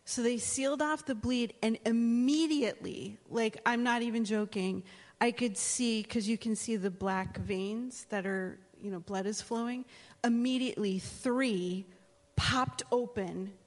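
A woman sharing a testimony at church, telling the story in a lively way and acting out other people's voices. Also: on the high side, a little slow, big-room sound.

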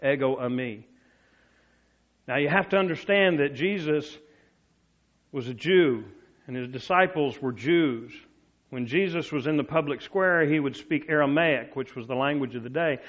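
A male preacher delivering a storytelling sermon, dropping to soft, low tones for quoted words. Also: normal speed, muffled recording.

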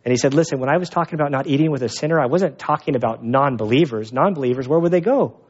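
A man's voice: medium pitch, rapid-fire, slightly rough, highs cut off. Man preaching a conversational sermon. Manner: conversational storytelling with animated asides. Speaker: pastor.

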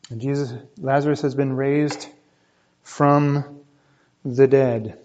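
A man preaching a sermon, explaining scripture and often checking in with "right?", climbing higher when he stresses a point. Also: fairly even intonation, slow pace, a little mellow. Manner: teaching, often checks with "right?", rises in pitch for emphasis. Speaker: pastor. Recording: dull lo-fi sound.

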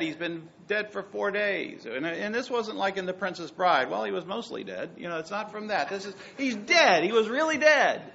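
A man preaching a sermon with a high, gravelly voice that leaps and dips in pitch. He drops to near-hushed asides, then bursts out loud as he acts out the stories. The recording sounds dull and lo-fi. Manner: animated, swings between hushed and loud, acts out quotes. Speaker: pastor.

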